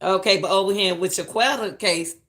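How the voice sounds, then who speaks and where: Forceful, preachy woman. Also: mid-range voice, fairly quick. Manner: emphatic and preachy, repeats lines for stress. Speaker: live-stream commentator. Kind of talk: live-stream commentary.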